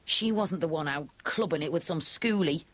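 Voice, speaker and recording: An actress playing a sharp, sarcastic, suspicious woman, in a TV drama. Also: deep voice, normal speed.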